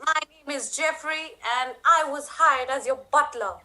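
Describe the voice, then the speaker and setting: A polite, bewildered butler, played by a woman, addresses his employer with formal courtesy. The voice is high, slow and bright, with faint noise behind it. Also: heavily acted, poor audio. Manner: formal, apologetic. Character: male butler, polite and confused.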